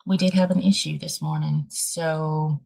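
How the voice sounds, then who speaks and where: A woman hosting a casual livestream with a dry throat, talking bluntly and thinking out loud as she rambles. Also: low voice, fairly even intonation, unhurried, creaky, breathy edge. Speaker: livestream host.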